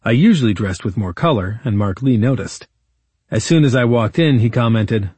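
A man narrating a memoir audiobook in a measured, wry storytelling manner, as a defense lawyer recounting events. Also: mid-range voice, lively intonation, darkish tone, breathy edge, no room sound.

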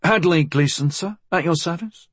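A man's voice: on the high side, normal speed, slightly rough, no echo, pitched above the performer's own voice. A man voicing a shabby, whiskered gunsmith who talks in a deferential working-class dialect. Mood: wary, deferential. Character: shabby whiskered male gunsmith, wary and folksy. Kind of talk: audiobook character voice.

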